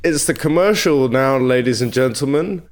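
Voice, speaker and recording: A man's voice: mid-range voice, moderate pace. Co-host guy, dry teasing chat, regular voice. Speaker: podcast co-host. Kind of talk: casual podcast chat.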